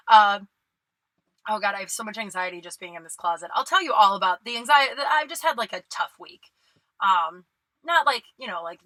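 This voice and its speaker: A young woman tells a long, rambling story on her solo podcast, full of fillers and casual swearing, laughing at herself. Her voice is bright and forceful. She sits in a small closet, and the sound is close and dry, with no room echo. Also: mid-range voice. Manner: rambling, profane, self-deprecating, many fillers. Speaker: podcast host.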